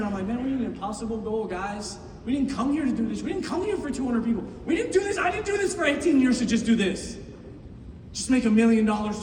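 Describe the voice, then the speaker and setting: A middle-aged man giving an impassioned motivational speech to a room of recruits, swinging from shouting to hushed tones. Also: very high voice, slight background noise. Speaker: business team leader speaking to recruits. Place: large meeting room with an audience. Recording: echoey hall, mic far off.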